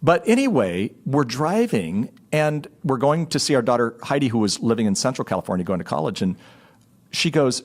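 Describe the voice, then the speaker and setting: A middle-aged man, a guest on a marriage podcast, telling stories in an animated, self-deprecating way. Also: mid-range voice, normal speed. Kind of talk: storytelling in a podcast conversation.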